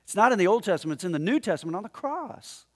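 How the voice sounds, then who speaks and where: A man preaching a sermon in a conversational, animated way, often chuckling as he talks to the congregation in the room. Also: sits high, fast. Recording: long hall reverb.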